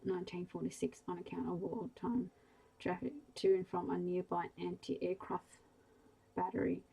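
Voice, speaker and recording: In a slow, hushed ASMR style, a woman gently reads a bedtime story in a low, dark voice that is husky with a gravelly edge. Her delivery stays flat and even from start to finish, and the recording is rough.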